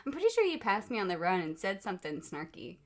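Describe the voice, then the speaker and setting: A woman hosting a podcast in casual chat, bubbly and quick to laugh, speaking into a microphone on a boom stand. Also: sing-song, a little hiss or hum. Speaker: podcast host, music educator.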